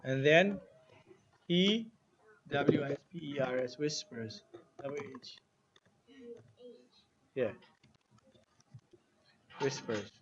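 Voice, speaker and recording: A man teaching an Arabic lesson to a class, slowly spelling words out letter by letter and repeating them. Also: medium pitch, lively intonation, muffled recording, a loud crowd.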